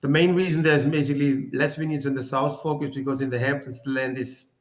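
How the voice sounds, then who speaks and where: A man at mid pitch gives a presentation on winemaking, explaining each slide in a casual, slightly non-native phrasing. His voice carries a noticeable room echo. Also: steady tone, quick pace. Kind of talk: presentation to wine writers.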